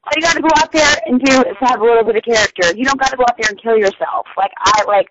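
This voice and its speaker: A woman's voice: a little high, racing, a crowd in the background. A woman guest in casual chat, talking earnestly and filling with lots of "like". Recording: dull lo-fi sound with noise behind.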